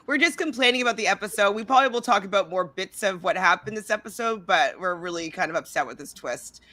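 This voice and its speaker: Chatty woman host, bright tone, dry sound; casual reality TV recap, giggly. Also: mid-range voice, fast, no room sound. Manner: chatty, giggly, reads live chat aloud. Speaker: podcast host.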